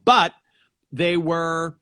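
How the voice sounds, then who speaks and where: A man's voice: a little high, extremely slow, sharp tone. A man hosting a casual live interview over a video call, rambling and restarting his sentences as he talks. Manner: rambling, restarts sentences, repeats "yes" and "yeah". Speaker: host.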